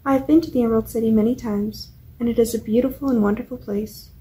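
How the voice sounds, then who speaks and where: A friendly, talkative farmer, as a woman reads him aloud in a storybook. He explains things earnestly in a mellow, somewhat high voice. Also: steady tone, fast, natural voice, low-quality recording. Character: curious country farmer man, friendly and talkative.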